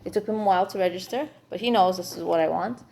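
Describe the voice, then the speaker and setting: A woman's voice: on the low side, fast talker, gravelly, a little mellow, a little hiss or hum. A woman teaching an informal class for women on marriage, chatty and frank, with humor.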